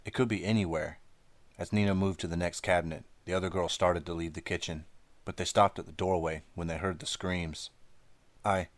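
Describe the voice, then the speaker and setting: A man narrating a teen thriller audiobook in a steady, measured way. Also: low-pitched, no room sound. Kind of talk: scripted narration.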